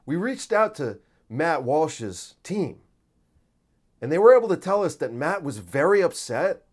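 A man's voice: on the high side, big pitch swings, a little slow, voice pushed up. Man parodying a news anchor, mock-serious, dramatic newsreader cadence, a bit raised.

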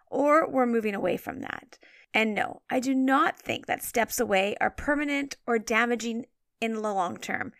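A woman in her forties hosting a parenting podcast, talking in an energetic, encouraging and chatty way. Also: on the high side, gravelly, no room sound, studio quality. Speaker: podcast host and parenting coach. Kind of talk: upbeat podcast monologue.

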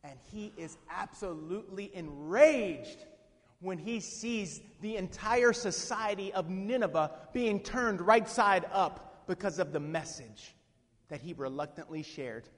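A man preaching a sermon with dynamic swings from hushed to shouting, asking the congregation questions. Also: high voice, animated, unhurried. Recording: long reverb of a hall.

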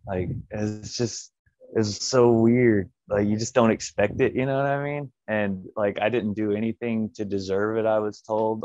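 A man's voice: lowish voice, darkish tone, no room sound. A young man, a pro wrestler, casually telling a personal story, acting out the voices of the people he quotes and laughing often. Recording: dull, slightly lo-fi dry audio.

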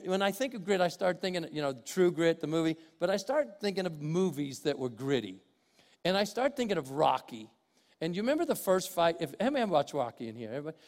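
Older male pastor, high voice, sermon delivery that shifts between loud preaching and soft asides. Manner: swings from loud preaching to quiet, conversational asides. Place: church sanctuary with congregation. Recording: long hall reverb.

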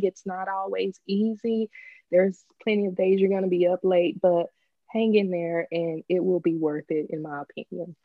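A woman from Texas with a deep Southern accent, a business owner guesting on a podcast, talking candidly and laughing often. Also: dry recording, highs cut off. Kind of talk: casual interview chat.

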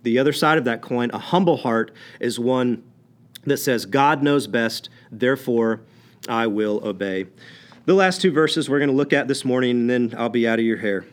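A man preaching a morning sermon, swinging from raised, fervent passages to low, quiet ones. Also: fairly quick. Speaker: pastor.

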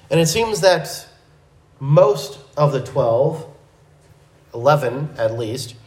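A man teaching a Bible lesson, working through the text step by step. His delivery is slow and deliberate, his voice sits a little high, and the room around him rings with echo. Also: darkish tone. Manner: measured, methodical, with small restarts.

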